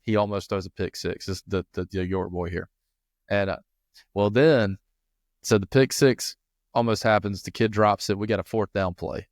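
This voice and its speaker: A man's voice: on the low side, fairly even intonation, moderate pace, dry recording, studio quality. A man, co-hosting a football coaching podcast in a casual chat, rambling through stories with plenty of restarts and fillers.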